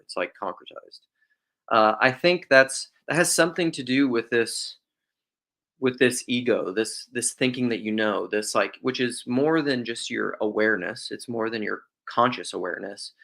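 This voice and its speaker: Gravelly, bright-toned man thinking aloud. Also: lowish voice. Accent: faint Western South Dakota drawl. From Western South Dakota. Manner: rambling, restarts often, thinking aloud. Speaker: podcast host. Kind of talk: casual theological monologue.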